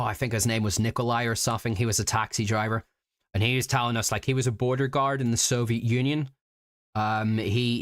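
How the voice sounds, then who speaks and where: A man's voice: mid-range voice, a bit bright, smooth, no echo, studio quality. A man from Britain telling stories in a casual stream. He rambles and halts, with many fillers and restarts. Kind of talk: casual storytelling chat.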